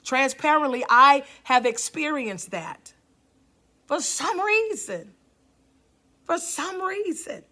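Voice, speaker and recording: A woman's voice: very high voice, pushed and bright. A woman pastor preaching with passion, calling out to the congregation and sometimes dropping to a near-whisper for emphasis. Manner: impassioned, calls out to the congregation. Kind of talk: sermon.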